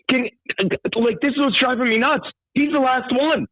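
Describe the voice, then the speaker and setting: A man's voice: very high voice, fairly even intonation, unhurried, no echo. A man calling in as a guest, ranting in a worked-up, profane way during casual talk show banter. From New York. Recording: tinny phone line.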